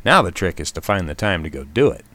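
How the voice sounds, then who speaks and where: A man's voice: low voice, sing-song, quick pace, fairly bright tone, no echo. A man hosting a short outdoors radio segment, reading a scripted commentary in a wry, self-deprecating way.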